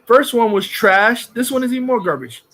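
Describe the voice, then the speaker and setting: Casting: high, bright male streamer, crude rambling rant, frequent laughs. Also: expressive, normal speed. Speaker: streamer host. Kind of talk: casual livestream rant.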